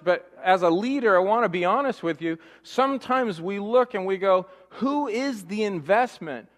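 Animated preacher man in a reverberant hall. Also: sits high. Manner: animated, rhetorical questions, mock-complaining voices for comic effect. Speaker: pastor. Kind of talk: sermon.

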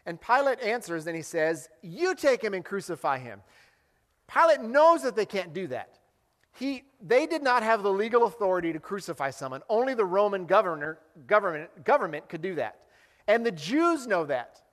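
Male pastor, high-pitched, animated preaching, echoing church hall. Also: normal speed. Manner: animated, acts out quoted lines. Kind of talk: sermon.

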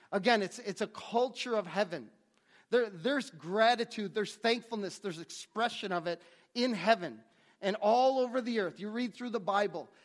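A man with a high voice preaches a sermon. He speaks earnestly and often repeats a word or two as he restarts his phrases. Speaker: pastor.

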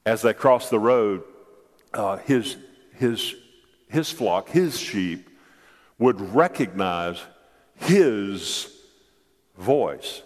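A man's voice: lowish voice, expressive, extremely slow, long pauses. A man preaching a sermon as a pastor in a church, emphatic and repeating his words as he addresses the congregation directly. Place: church sanctuary. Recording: long reverb of a large church.

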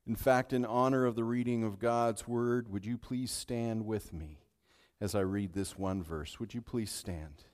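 A male pastor preaching a sermon in a church, dropping to near-whispers at times and building to loud, triumphant declarations. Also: fairly low pitch, a little slow. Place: church sanctuary.

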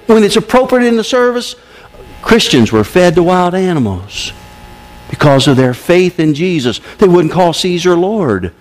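A man preaching a sermon to a congregation, emphatic, with sudden swings between loud and hushed delivery. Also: high-pitched. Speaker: pastor. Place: church service.

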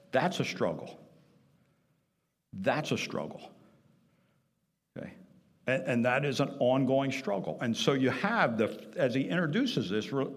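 His mid-range voice slightly rough, a man preaches as pastor in a church sanctuary with long reverb. He drives his points home by repeating key phrases and questioning the congregation.

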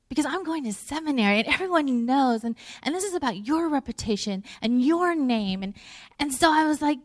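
A woman's voice: sits high, animated, brisk, no echo. Conversational woman preaching, dry close sound. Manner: conversational, many fillers and restarts; drops to a near whisper at tender moments. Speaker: pastor. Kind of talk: sermon with personal story.

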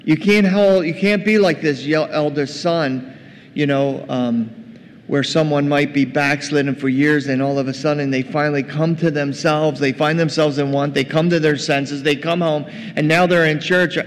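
A man's voice: on the high side, steady tone, moderate pace. A man preaching a sermon in a church, in a conversational way, talking directly to his congregation. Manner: conversational, addresses the congregation as gang. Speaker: pastor. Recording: long reverb, faint noise.

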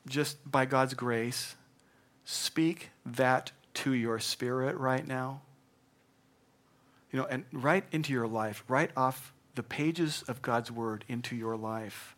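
An older man preaching a sermon in an earnest, conversational way, moving between hushed and emphatic delivery. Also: mid-range voice, takes it slowly, pauses often. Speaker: pastor.

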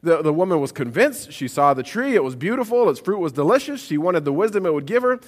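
A man preaching a sermon in a church, reading scripture aloud with expressive, conversational asides. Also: a little high, fast talker.

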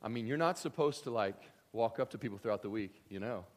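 A man preaching a sermon as pastor, joking and animated, swinging from loud lines to hushed ones. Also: fairly low pitch, fast talker.

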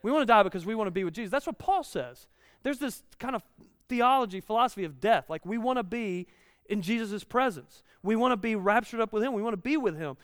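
High-voiced preacher in a reverberant hall. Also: male voice, lively intonation, fast talker, clean tone, studio quality. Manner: conversational, repeats lines for emphasis, rises loud on scripture. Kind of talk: sermon.

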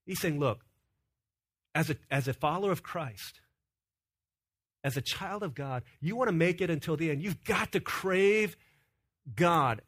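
A young man preaching a sermon, telling stories in an animated way and often repeating words as he starts a sentence. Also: fairly high pitch, unhurried, long pauses.

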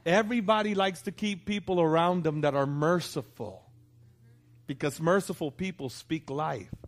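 A man's voice: fairly high pitch, normal speed. A pastor preaching a sermon to his congregation, talking conversationally and often asking them for a response. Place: church.

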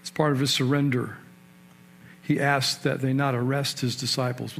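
A man preaching a sermon in a conversational storytelling way, asking his listeners questions and rising sharply in pitch and volume to stress key points. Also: flat delivery, moderate pace, gravelly, slight background noise. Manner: storytelling, with sudden rises in pitch and loudness for emphasis. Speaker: pastor.

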